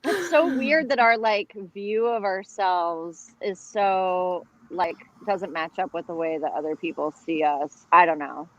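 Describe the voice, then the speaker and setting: A woman's voice: lowish voice, a little slow, hardly any pauses, a little hiss or hum, low-quality recording. A woman, a comedy and theater performer, chatting casually as a guest, laughing often and filling her talk with "like". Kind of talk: casual chat over a video call.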